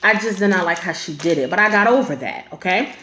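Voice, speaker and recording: A woman's voice: on the low side, expressive, quick pace, a bit bright, reverberant, slight background noise. A woman telling a story to camera in a casual storytime vlog, blunt and profane, with lots of filler.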